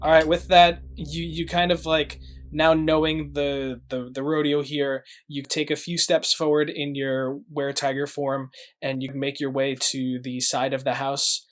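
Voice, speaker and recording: A man's voice: a little high, level tone, a little slow, few pauses. Rambling man running a tabletop game. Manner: rambling, many fillers and "like". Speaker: game master.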